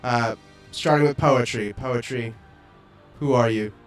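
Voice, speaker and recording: A young man running a tabletop game as game master, relaxed and laughing often. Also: mid-range voice, unhurried, faint music behind.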